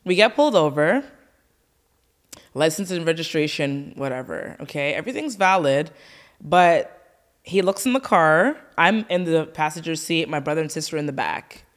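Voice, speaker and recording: A woman's voice: deep voice, lively intonation, moderate pace. A woman in her thirties co-hosting a casual chat, telling a story with animation and acting out the dialogue. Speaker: podcast co-host.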